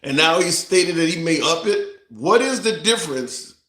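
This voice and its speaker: A man's voice: on the high side, animated, normal speed, pushed and bright, echoey room. A man hosting a casual live stream from a rented home, rambling, restarting sentences and putting questions to his audience.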